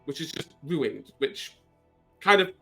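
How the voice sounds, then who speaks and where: A man runs a tabletop horror game, describing scenes slowly and hesitantly. His voice is bright and sits a bit high for a man, with faint music under it. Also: expressive, vocal fry. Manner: slow, halting, many fillers. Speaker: game master.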